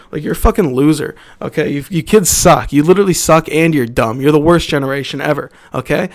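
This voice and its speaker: A man's voice: on the high side, a little fast, few pauses. A male podcast host delivering a combative, profane rant.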